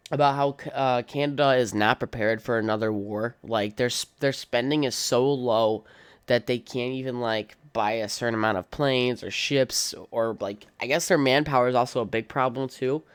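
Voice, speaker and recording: Ranting solo on his podcast, a young man is casual, blunt and profane, airing strong opinions between plenty of "like"s and "um"s. His voice is mid-range and smooth, with no echo.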